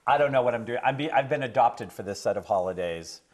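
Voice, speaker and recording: A man talking on a radio talk show at a mid-range pitch. He rambles casually with plenty of fillers. When he starts lecturing, he turns insistent and preachy. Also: expressive, fast.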